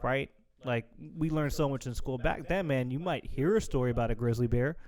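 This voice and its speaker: A man's voice: medium pitch, a little fast. A man talking as a guest on a casual podcast, laughing often and acting out dramatic scenes as he speaks. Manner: animated, laughs often, acts out dramatic scenarios.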